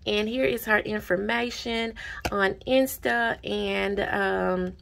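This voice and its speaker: A woman vlogging casually at her desk about budgeting supplies and mail she received, gushing and repeating herself when excited. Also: medium pitch, slow, vocal fry, slight background noise. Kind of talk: casual unboxing vlog. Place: home desk.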